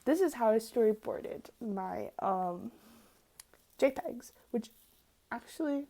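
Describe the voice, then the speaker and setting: Young woman, art student vlogger, somewhat high voice; rambling, excitable, quick to laugh, casual swearing. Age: young adult. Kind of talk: casual sketchbook tour vlog.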